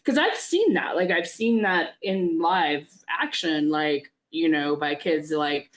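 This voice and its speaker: A woman's voice: deep voice, animated, takes it slowly. A woman co-hosting a podcast who works as a teacher, rambling bluntly with lots of likes and restarts. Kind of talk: casual film discussion.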